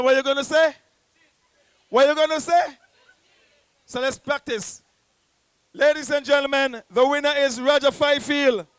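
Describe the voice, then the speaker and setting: A man's voice: very high-pitched, fairly bright tone, smooth, dry recording. A man with a Nevisian accent hosting a poetry event in a public square, rousing the crowd like a theatrical announcer. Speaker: host. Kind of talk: live event emcee.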